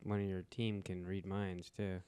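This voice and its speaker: A man's voice: sits low, little pitch movement, a little slow, mellow, clean tone, dry recording, clean studio sound. A man co-hosting a casual podcast, chatting in a laid-back way with short replies. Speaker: podcast co-host. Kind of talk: casual chat.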